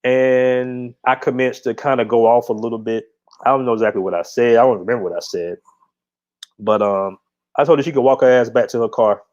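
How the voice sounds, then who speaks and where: A middle-aged man runs his own channel and tells a story in a casual monologue, blunt, profane and laid-back. His medium-pitched voice is steady, fairly quick and darkish, and the audio is dull and lo-fi.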